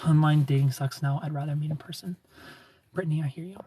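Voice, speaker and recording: A man's voice: on the high side, fairly even intonation, fast talker, background noise. A man hosting a livestream, chatting casually and giving frank relationship advice to viewers by name. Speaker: livestream host answering viewer comments.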